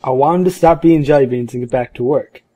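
A man playing in a tabletop game, speaking in a hesitant, deadpan way. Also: mid-range voice, fast, no echo. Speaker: player. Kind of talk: casual tabletop play.

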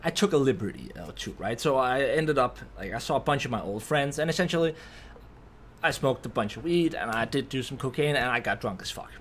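A man's voice: medium pitch, animated, fairly quick, fairly bright tone, a little hiss or hum. A man hosting a casual storytime vlog, rambling through a story with restarts and frequent tag questions. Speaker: YouTube host.

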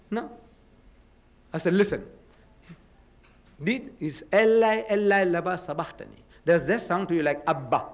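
High-voiced older man lecturing. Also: rough recording. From South Africa. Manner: emphatic, rhetorical questions, mimics chants. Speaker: religious lecturer. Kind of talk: public lecture to an audience.

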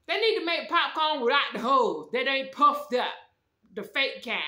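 A woman's voice: high-pitched, animated, moderate pace, bright, forceful tone. A woman casually reviewing snacks at home, chatting straight to her viewers with lots of slang. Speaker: food review vlogger. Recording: echoey room.

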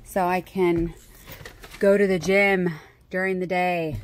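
Chatty mom vlogging outdoors. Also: female voice, on the low side, flat delivery, slow pace, background noise. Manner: chatty, scolding then coaxing her toddler. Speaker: vlogger and mother. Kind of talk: casual family vlog. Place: outdoors by a street.

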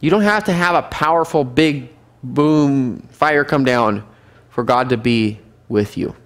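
A man's voice: medium pitch, unhurried. A man teaching a Bible study class, reading scripture aloud and explaining it in a conversational way, asking the class questions.

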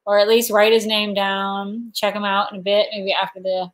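A woman's voice: medium pitch, level tone, normal speed. A woman hosts a casual livestream from home. She rambles cheerfully, laughs between sentences and reads viewers' comments aloud. Her voice sits in an ordinary middle range. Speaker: livestream host.

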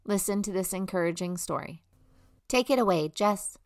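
A woman host introduces testimonies and closes with scripted devotional words. Her voice sits at a middle pitch. She speaks earnestly and encouragingly to her listeners. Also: normal speed. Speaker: host of a faith testimony show.

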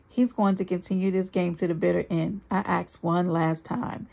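A woman reads a dramatic first-person story aloud in a husky voice with plenty of creak. Her delivery is earnest and emphatic, and she slows down to give weight to key lines. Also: fairly low pitch, steady tone, a little mellow. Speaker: reader.

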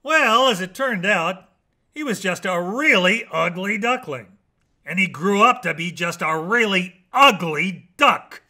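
Animated man reading a bedtime story. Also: high voice. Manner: animated, playful, dramatic pauses.

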